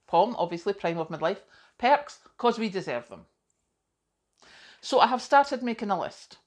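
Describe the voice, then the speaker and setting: A woman's voice: medium pitch, expressive, moderate pace. A middle-aged woman, chatting casually to camera as a vlogger, self-deprecating and full of asides.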